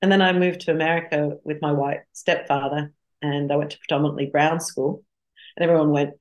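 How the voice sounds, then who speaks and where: A woman's voice: deep voice, fairly quick. A woman being interviewed as a guest, telling stories from her own life in a reflective way. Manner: reflective storytelling. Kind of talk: conversational interview.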